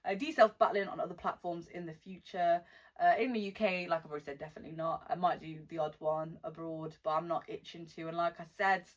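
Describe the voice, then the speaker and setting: A woman's voice: fairly low pitch, steady tone. Chatty British woman with mixed accent. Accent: mixed British, Welsh-born with West Midlands and London touches. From born in Wales, lives in the West Midlands. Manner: chatty, blunt, slangy, reads questions aloud slowly. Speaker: rapper answering fan questions. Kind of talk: casual Q&A vlog.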